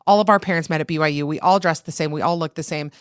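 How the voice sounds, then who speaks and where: A woman's voice: sits low, very fast, clean tone, no room sound, studio quality. A woman from Utah, a podcast guest in casual chat, rambling with many fillers.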